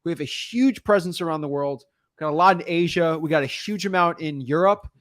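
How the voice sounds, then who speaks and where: Energetic male podcast host, dry sound. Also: fairly high pitch, a little fast, no room sound. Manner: energetic and emphatic, rambling with restarts. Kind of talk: casual chat.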